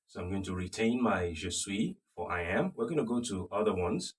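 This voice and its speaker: A man with a Nigerian accent teaching French, slowly repeating phrases and checking that the class follows. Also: low-pitched, animated, slightly rough. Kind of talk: slow classroom lesson. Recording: voice from a distance off the mic.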